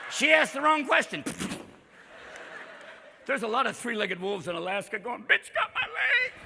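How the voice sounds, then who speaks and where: A man doing a live stand-up set, manic and profane, jumping in and out of quick impressions. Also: high-pitched, gravelly. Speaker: stand-up comedian. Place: on stage before a live audience. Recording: live crowd laughter, noisy hall.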